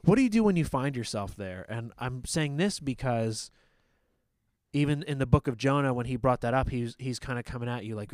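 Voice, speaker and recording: A man's voice: medium pitch, lively intonation, fairly quick, a little mellow, no room sound. A man in a casual church discussion, thinking aloud and restarting his sentences as he asks the pastors his questions. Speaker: church small-group member asking questions.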